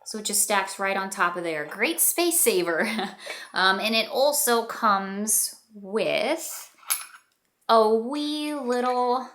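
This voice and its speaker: A woman's voice: medium pitch, lively intonation, slow pace, a bit bright. A young woman hosting a casual product haul, chatty and gushing, rambling with fillers as she shows each item. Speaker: haul video host.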